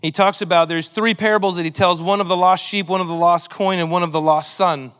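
A man's voice: sits high, fairly even intonation, brisk, a bit bright, clean tone. A man preaching a sermon, earnest and emotional, reading scripture with a pleading, dramatic delivery. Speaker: pastor.

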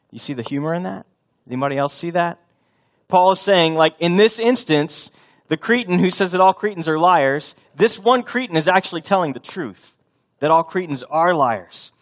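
Emphatic man preaching a sermon. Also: a little high. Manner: emphatic preaching, acts out voices in imagined scenes. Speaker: pastor.

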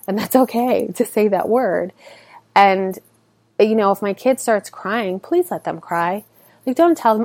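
Earnest mom podcaster in a dry room. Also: female voice, mid-range voice, lively intonation, measured pace, no room sound. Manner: earnest, conversational, heavy use of "like". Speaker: podcast host. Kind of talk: solo podcast monologue.

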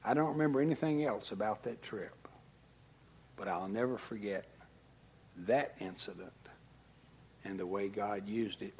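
A middle-aged pastor preaching a sermon, telling a family story and dropping from hushed asides to loud outbursts. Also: male voice, on the low side, husky.

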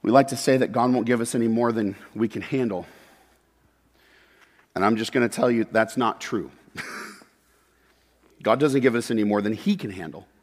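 A man preaching a sermon as pastor, moving between loud emphatic peaks and quiet, confessional asides. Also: medium pitch, moderate pace, pauses often. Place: church sanctuary. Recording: long hall reverb.

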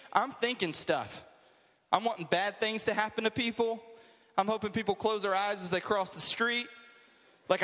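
Male preacher, casual sermon, high bright voice, joking asides. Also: long reverb tail. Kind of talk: casual sermon to a youth group.

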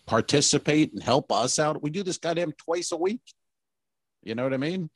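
A man's voice: on the high side, lively intonation, normal speed, breathy edge, dry recording. A man co-hosting a casual comedy podcast, telling rambling, profane stories. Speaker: podcast co-host.

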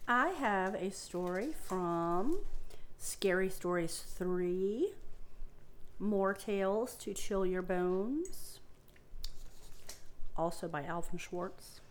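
Lady co-host reading a spooky story, steady even voice. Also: mid-range voice, extremely slow, pauses often. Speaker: podcast co-host. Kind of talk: storytelling read-aloud.

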